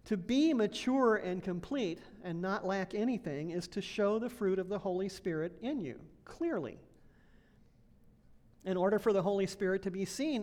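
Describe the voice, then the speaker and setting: Lady pastor giving a relaxed sermon in church, chatty, laughs a bit. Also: medium pitch. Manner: conversational, laughs often, asks congregation questions. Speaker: associate pastor.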